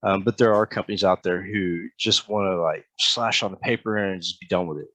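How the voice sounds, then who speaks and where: A man's voice: low voice, steady tone, brisk, fairly bright tone, no room sound. A man hosting a podcast, talking casually and earnestly, often repeating words as he starts a sentence. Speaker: podcast host. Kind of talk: casual interview chat.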